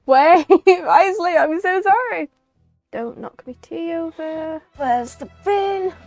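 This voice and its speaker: High-voiced chatty woman. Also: slow, dry recording, faint music behind. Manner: chatty, rambling, bursts into excited exclamations. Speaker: streamer. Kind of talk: casual gameplay chatter.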